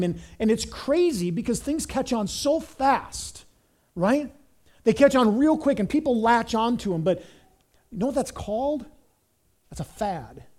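Man, pastor, high-pitched voice, conversational sermon, rhetorical questions to the audience. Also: darkish tone.

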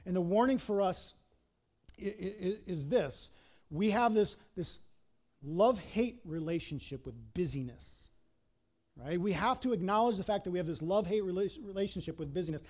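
Middle-aged preacher guy, pretty high voice, gets loud then drops soft, repeats himself a lot. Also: moderate pace. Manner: animated, repeats words, swings between loud and quiet. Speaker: pastor. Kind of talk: sermon.

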